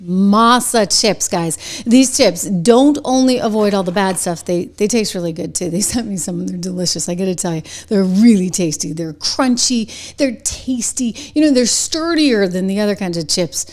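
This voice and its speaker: A woman with a New England accent hosting a commentary show, talking in a chatty, animated way and laughing between points. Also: mid-range voice, normal speed, few pauses. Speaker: show host. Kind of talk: commentary with a sponsor read.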